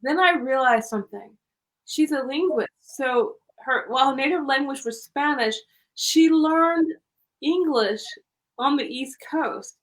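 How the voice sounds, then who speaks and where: A high, bright woman talking in a loose, lively conversational way. She tells stories with plenty of likes, restarts and bursts of laughter, speaking as a casual interview guest. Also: measured pace. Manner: animated storyteller, many likes and restarts, laughs often. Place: lives on the East Coast, away from LA.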